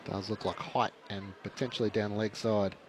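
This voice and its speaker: A man giving steady, informative ball-by-ball cricket commentary. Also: lowish voice, moderate pace, slight background noise.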